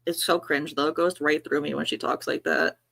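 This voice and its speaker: A woman's voice: low voice, brisk, creaky, fairly bright tone, no room sound. A woman from New York co-hosting a livestream, chatting casually and gossiping with lots of fillers. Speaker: livestream co-host.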